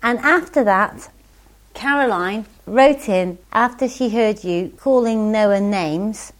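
A woman's voice: mid-range voice, slow. A woman hosting a casual podcast, chatty and giggly, reading out listener emails. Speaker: podcast host.

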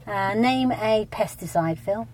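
A British woman co-hosting a podcast, chatty and bubbly with quick asides. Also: medium pitch, a little mellow, a little hiss or hum. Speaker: podcast co-host. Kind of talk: casual chat.

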